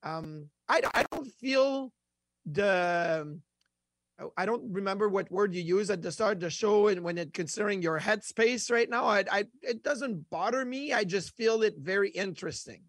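A man's voice: high-pitched, moderate pace, fairly bright tone, no echo. A man co-hosting a casual sports talk show, rambling with many fillers and restarts. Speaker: hockey podcast co-host.

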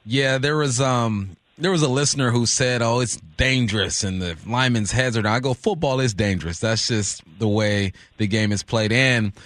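A man hosting a sports radio show, asking a guest questions in a relaxed, conversational way. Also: mid-range voice, moderate pace, hardly any pauses, no echo. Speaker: radio host.

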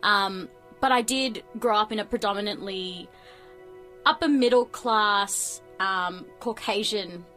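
A woman's voice: medium pitch, slow pace, bright, forceful tone, soft background music, low-quality recording. A young woman with an Australian accent, a podcast guest, talking reflectively with many fillers. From New Zealand-born, raised in Melbourne. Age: young adult. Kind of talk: casual chat.

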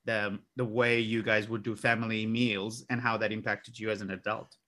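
Bright-voiced man hosting a casual podcast. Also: on the low side, normal speed. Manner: laughs easily, swears casually, animated. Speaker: podcast host. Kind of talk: casual conversation.

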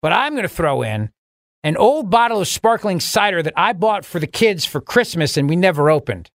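A man's voice: high voice, very animated, moderate pace, no echo, clean studio sound. A male radio talk show host bantering sarcastically, rambling and laughing at his own jokes. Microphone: studio microphone.

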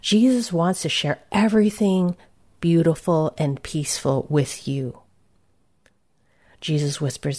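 A woman guides a Christian devotional meditation, speaking very slowly and gently. Her voice sits a little low and stays soothing and reflective, inviting quiet rest. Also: expressive.

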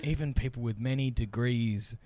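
A young man co-hosting a podcast, telling crude stories in a casual, animated way and laughing often. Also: mid-range voice, moderate pace, dry recording. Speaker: podcast co-host. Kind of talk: casual chat.

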